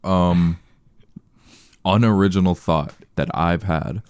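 A young man co-hosting a casual podcast, dropping deadpan quips. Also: low voice, slow pace, smooth, no echo, clean studio sound. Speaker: podcast co-host. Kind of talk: casual chat among friends.

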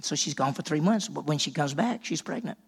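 A senior pastor preaches a sermon in a homey, storytelling way, slipping into the voices of the people he quotes. His voice sits somewhat high and has a gravelly edge. It also sounds a little husky. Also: animated, brisk. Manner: folksy storytelling, acts out quotes.

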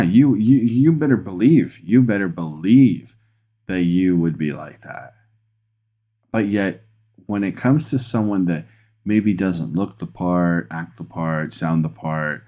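A man who is a pastor and podcast host, preaching a sermon in an earnest way, restarting phrases and growing excited when he presses a point. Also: low-pitched.

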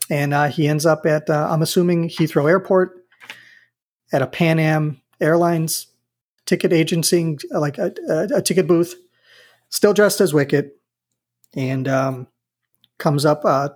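A man with a slightly higher, husky voice chatting casually on a podcast. He retells things in a rambling, amused way, doubling back on his words as he goes. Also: fairly even intonation, moderate pace, darkish tone. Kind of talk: casual chat.

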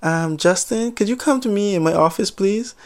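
A man voicing a flustered female supervisor who speaks hesitantly and reassures gently. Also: sits high, moderate pace, pitched above the performer's own voice. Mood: soothing.

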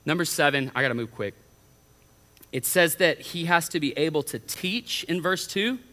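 A middle-aged man, a college pastor preaching a sermon in an animated way, often acting out the voices of the people he quotes. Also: on the high side, moderate pace. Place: church auditorium. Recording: reverberant church hall.

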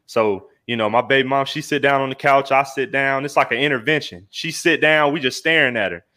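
A man, a podcast co-host telling a personal story in animated, slangy casual chat. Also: medium pitch, a little fast. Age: 20s. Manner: animated, slangy, acts out voices when teasing.

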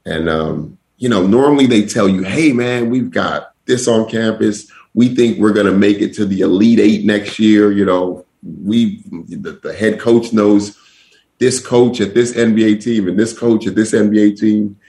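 Gravelly low-voiced man telling a story. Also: moderate pace. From Denver. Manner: animated storyteller, acts out quotes with big pitch jumps. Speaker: guest comedian. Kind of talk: storytelling chat before a live audience.

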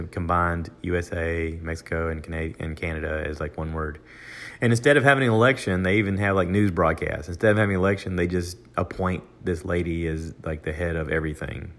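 An older American man hosting a podcast alone, talking casually with many fillers and restarts, and raising his voice when he acts out what other people said. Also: fairly bright tone. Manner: acts out quoted voices in a raised pitch. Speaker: podcast host. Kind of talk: casual solo monologue.

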